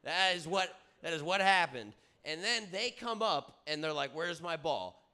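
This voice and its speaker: A rowdy young man spins a sweary story among friends, his voice bright and cutting. He sits a little higher than most men and keeps pausing to ask if everyone is following, growing louder as he gets excited. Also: clean tone. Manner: rowdy, swearing, keeps saying "all right?" and "dude"; gets loud and excited at times. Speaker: comedy podcast host. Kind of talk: casual storytelling chat.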